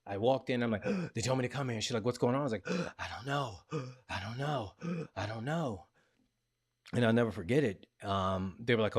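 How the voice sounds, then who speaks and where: A middle-aged man hosting a talk show, retelling a personal story in a casual, animated way and acting out the dialogue. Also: mid-range voice. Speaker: podcast host.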